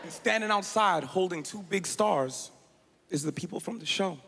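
A male stand-up comedian performing a set on stage, shouting punchlines over audience laughter. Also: sits high, normal speed, creaky, background noise. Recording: live hall with long reverb.

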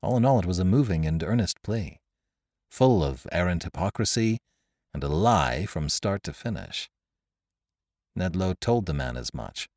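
A man reading an adventure story aloud as narrator, with expressive, dramatic delivery. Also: low voice, moderate pace, no room sound, clean studio sound. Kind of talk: scripted narration.

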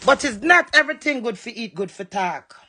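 A woman's voice: on the high side, expressive, fairly quick, creaky, pushed and bright, husky. A woman with a Jamaican accent, cussing and scolding in a confrontational livestream rant. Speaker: social media livestreamer.

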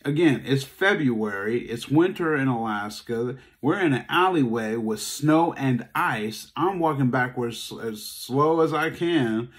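A man's voice: measured pace, hardly any pauses. A man giving a talk, telling a personal story in a casual, conversational way and acting out the dialogue. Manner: animated, acts out dialogue, voice jumps high when upset. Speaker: speaker.

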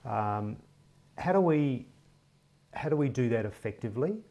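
A man's voice: mid-range voice, lively intonation, measured pace, mellow. A man hosting an interview over a video call, asking questions with hesitant fillers. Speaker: interview host. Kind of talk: conversational interview.

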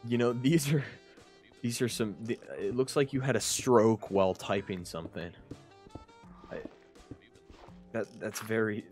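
A man's voice: lowish voice, darkish tone. A man streaming a game, rambling and mumbling to himself, often trailing off mid-sentence. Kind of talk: casual gameplay commentary.

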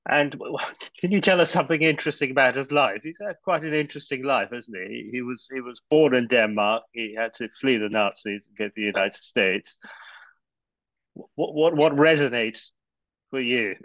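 A man's voice: medium pitch, moderate pace, a bit bright, dry recording. A man interviewing a guest, asking his questions with stumbling starts. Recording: dull, dry lo-fi audio.

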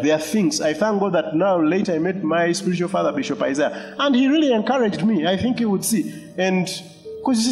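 A man's voice: sits high, a little mellow. A male pastor preaching a sermon, telling a personal story with quoted voices and asides, in a church hall.

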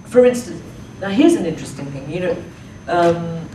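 A woman, an actress talking through her thoughts in a public talk, halting often with fillers and restarts. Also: fairly low pitch, animated, dark tone, slight background noise. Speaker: actress answering audience questions. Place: public library talk room. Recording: echoey room from far off.

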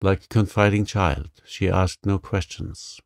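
A man narrating a classic novel as a calm sleep story, slow and soothing, on a close microphone. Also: low-pitched, gravelly, no echo.

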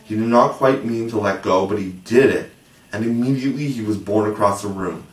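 A man narrating a storybook aloud with expressive, measured delivery, recorded with a roomy, distant mic. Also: fairly low pitch. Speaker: audiobook narrator. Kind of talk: storybook reading.

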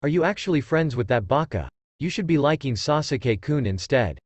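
A man voicing a shrill, bossy preteen girl who screeches at her classmates. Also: expressive, brisk, dry recording, natural voice. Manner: screechy, pushy.

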